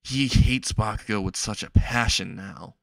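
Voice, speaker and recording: A man's voice: on the low side, unhurried, creaky, a bit bright, dry recording. A man narrating a fan-made story in a casual, rambling way, chuckling at his own jokes.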